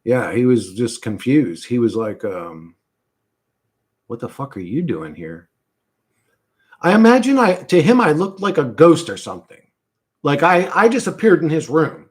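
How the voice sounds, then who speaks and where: A man talks in a loose, rambling way, his sentences breaking off and starting again. He swears freely, pauses to gather himself, and reads comments aloud in the same relaxed voice. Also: fairly high pitch. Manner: halting, swears often, trails off and restarts. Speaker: streamer recounting a vision. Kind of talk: rambling casual monologue, reading chat.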